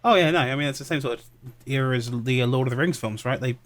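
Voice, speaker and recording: A man co-hosting a podcast, joking casually and poking fun at himself. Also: mid-range voice. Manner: quick, jokey, self-deprecating. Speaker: podcast co-host. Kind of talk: casual chat.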